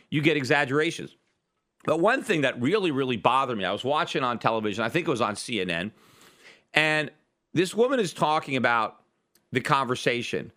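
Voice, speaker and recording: A man's voice: fairly high pitch, pushed and bright. A man hosting his own podcast, giving emphatic, argumentative political commentary full of rhetorical questions. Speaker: podcast host.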